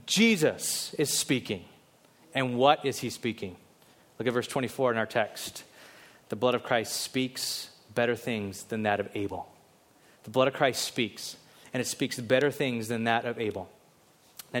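A male pastor delivering a sermon in a fairly high voice. He presses his points with repeated urgent commands, then drops into low, intense passages. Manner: emphatic, rising and falling between loud exhortation and low intensity.

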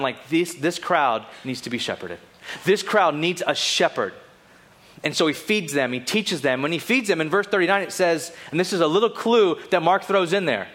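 Guy preaching, kinda high voice, gets lively acting out the scenes. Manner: animated, acts out quoted lines. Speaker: pastor. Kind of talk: sermon.

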